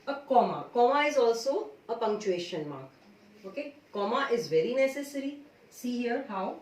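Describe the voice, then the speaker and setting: A woman's voice: a little high, darkish tone. A woman teacher with an Indian English accent gives a grammar lesson, explaining patiently and often checking in with "okay" and "right?". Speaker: school teacher. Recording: echoey room, far from mic.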